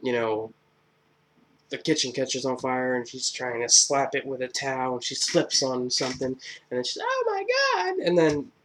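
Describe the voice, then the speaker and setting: A man's voice: medium pitch, level tone, moderate pace, fairly bright tone, a little hiss or hum. A man giving a casual spoken movie review, rambling with lots of fillers and a crude, irreverent sense of humor. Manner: rambling, filler-heavy, joking retelling.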